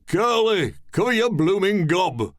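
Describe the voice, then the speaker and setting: A man's voice: on the high side, sing-song, normal speed, fairly bright tone, no echo, clean studio sound, voice pushed up. A man voicing a bossy, skinny man in a suit who scolds in old-fashioned slang. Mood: blustering.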